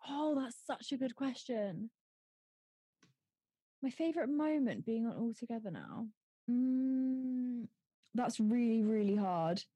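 A woman's voice: on the high side, slow, long pauses, mellow, no echo. A young woman, chatting as an interview guest and laughing often. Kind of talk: casual interview chat.

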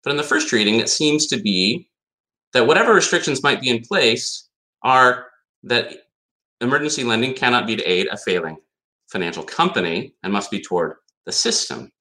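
Male lecturer, bright tense tone, emphatic, keeps throwing rhetorical questions at the room. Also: mid-range voice, lively intonation, moderate pace. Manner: reads statute passages aloud. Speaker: conference speaker on law. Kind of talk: academic lecture.

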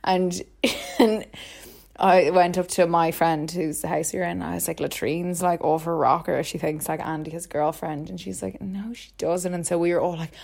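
A woman's voice: on the low side, fairly even intonation, moderate pace, gravelly, darkish tone. A young woman, casually telling a long story and often saying "like" and laughing. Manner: chatty, full of "like", laughs often. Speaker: podcast co-host telling stories.

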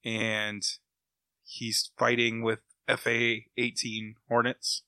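A man's voice: mid-range voice, completely flat delivery, takes it slowly, bright, forceful tone, dry recording. A man hosting a comic book podcast, casually retelling plots in a rambling, enthusiastic way. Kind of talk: casual chat, recapping comics.

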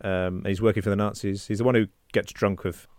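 Low, hesitant man, casual rambling, dry close mic. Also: flat delivery, a little fast, darkish tone, no echo. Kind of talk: casual chat.

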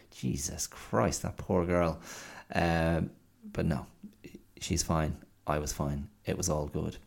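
A man's voice: low-pitched, creaky, darkish tone. A middle-aged man hosting a podcast, telling a rambling, self-deprecating story with lots of fillers. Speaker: podcast host. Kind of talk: casual monologue.

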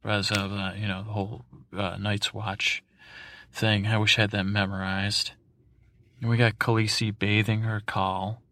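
A man's voice: on the low side, little pitch movement, unhurried, pushed and bright, no echo. A man hosting a sleep podcast, recapping in a meandering, digressive way full of fillers and restarts. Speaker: podcast host.

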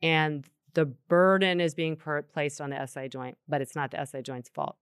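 A woman co-hosting a yoga talk, explaining anatomy in a chatty, animated way. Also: low voice, moderate pace, clean tone, dry recording, studio quality. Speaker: yoga co-host answering questions. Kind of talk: casual podcast chat.

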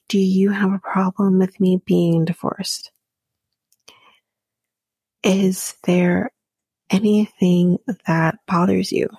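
A woman hosting a podcast, recapping a reality show in casual chat, blunt and sarcastic, swearing freely and slipping into soft whispery asides. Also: mid-range voice, vocal fry, husky, no room sound.

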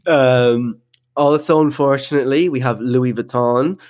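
A man's voice: medium pitch, steady tone, unhurried, darkish tone. A man co-hosting a podcast in casual chat, talking loosely with many fillers and frequent laughs. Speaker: podcast co-host.

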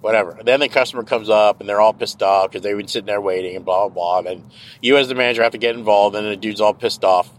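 Speaking quickly in a lowish voice, a middle-aged man hosts his podcast from the car, ranting casually with plenty of sarcasm and swearing. The recording is low quality.

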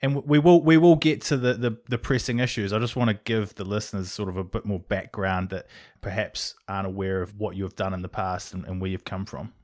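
Low-voiced male interviewer. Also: fairly even intonation, fairly quick, darkish tone. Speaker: interviewer, host. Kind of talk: interview questions.

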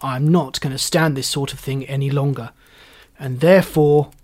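A man's voice: mid-range voice, steady tone, moderate pace, darkish tone, close to an everyday voice. A man reading aloud and voicing an old miser who has turned jolly, hearty and playful in manner. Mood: mock gruff. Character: old male miser turned jolly, gruff when feigning.

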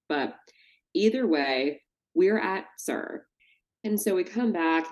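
An animated woman talks through a podcast recap, swearing freely and switching into quick impressions of others. Her voice sits a bit low for a woman. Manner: animated, profane, mimics people she talks about. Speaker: podcast co-host. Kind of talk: casual recap chat.

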